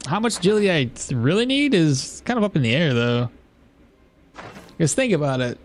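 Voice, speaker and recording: A man's voice: on the high side, very animated, moderate pace. A man giving casual gameplay commentary, thinking aloud as he plays and laughing at chat messages. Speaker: gameplay streamer.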